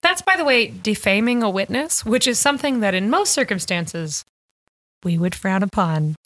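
Bright-voiced woman, joking and profane. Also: medium pitch, expressive, normal speed. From Irish heritage. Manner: profane, joking, laughs often. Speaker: podcast co-host. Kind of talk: casual chat.

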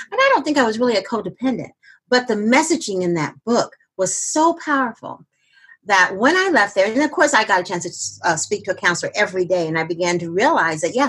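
A husky, slightly breathy older woman recounts her own story as an interview guest. She rambles, restarts and fills pauses with ums and "you know". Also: fairly low pitch, a bit bright, low-quality recording. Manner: rambling, with many fillers and restarts. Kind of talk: personal storytelling.

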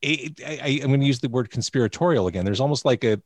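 A man's voice: medium pitch, expressive, fast, dry recording. A man hosting a casual interview, rambling and complimentary, often restarting his sentences. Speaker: interviewer, host of a comedy series.

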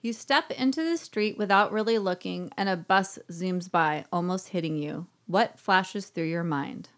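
A woman's voice: fairly low pitch, unhurried. A woman co-hosting a casual chat, talking loosely and filling her sentences with "like". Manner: chatty, full of "like" fillers. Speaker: podcast co-host.

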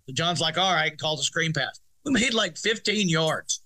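A man's voice: on the high side, brisk. A middle-aged man, a football coach telling a story in an interview with many restarts. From Arkansas, USA. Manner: animated, rambling restarts, laughs through story. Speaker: high school football coach, guest.

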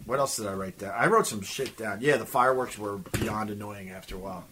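A man's voice: on the low side, a little fast, noisy background. A man from New York hosting a podcast, chatting casually with lots of laughter and doing ad reads. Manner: loud, laughing banter. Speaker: podcast host. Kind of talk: casual chat and ad read.

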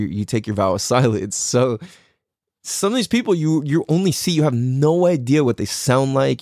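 A man's voice: medium pitch, darkish tone, no echo, studio quality. A man talking in a casual, reflective monologue, loose and profane, full of "like" and "you know".

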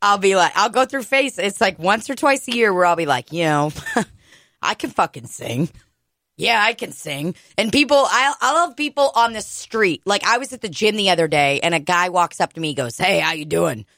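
A woman's voice: mid-range voice, animated, normal speed, a bit bright, no echo, clean studio sound. A woman co-hosting a casual comedy podcast, joking crudely and swearing often. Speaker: podcast co-host. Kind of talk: casual chat.

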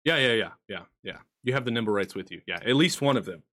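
A man narrating as game master of a streamed tabletop game, animated and swearing casually. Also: mid-range voice, quick pace.

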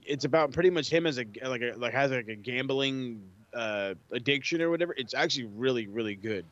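A man's voice: mid-range voice, a little fast, a bit bright, no echo. Blunt, profane man on a dull-sounding mic. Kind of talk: casual podcast banter.

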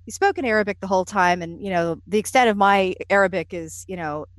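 A woman being interviewed, telling travel stories in a lively, self-deprecating way with frequent fillers. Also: medium pitch, quick pace, no echo. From United States. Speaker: interview guest. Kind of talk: conversational storytelling.

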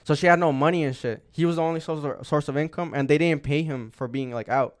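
A young man co-hosts a podcast and tells a long personal story in loose, rambling chat. He swears often and leans on filler words. His voice sits a bit high and sounds smooth and clean. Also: fast talker. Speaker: podcast co-host.

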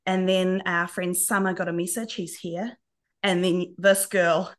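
A woman in her thirties from New Zealand, with a nasal voice and a New Zealand accent, chatting as a podcast guest. She tells stories in a lively way and laughs often. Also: fairly low pitch, a little slow. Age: 30s. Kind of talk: casual chat.

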